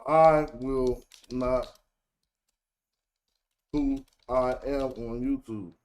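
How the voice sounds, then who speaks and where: A man walks viewers through a casual screen-share tutorial in an easy middle-pitched voice. He rambles in a slangy way and stops to fix his own words as he goes. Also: steady tone, very slow, darkish tone. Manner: loose, rambling, corrects himself mid-sentence; slangy, chatty address to viewers. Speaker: online tutorial host.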